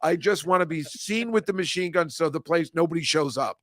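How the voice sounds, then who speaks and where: An older man hosts a casual chat. He rants and rambles, pokes fun at himself, and his voice sits a bit high and sounds bright. The recording is dry and close, with little room sound. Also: brisk, no echo. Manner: ranting, rambling, self-mocking. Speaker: host. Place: comedy club studio.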